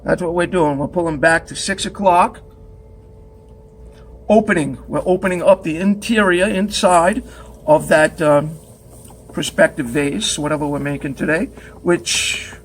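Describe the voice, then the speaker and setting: A man's voice: a little high, normal speed, slight background noise. A man teaching pottery at the wheel in a studio, chatty and joking as he demonstrates step by step.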